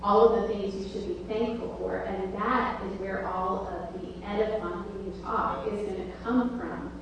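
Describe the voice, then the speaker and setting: A woman's voice: medium pitch, steady tone, measured pace, heavy reverb, distant mic, background noise. A woman, the pastor's wife, speaking earnestly to a church meeting with many fillers.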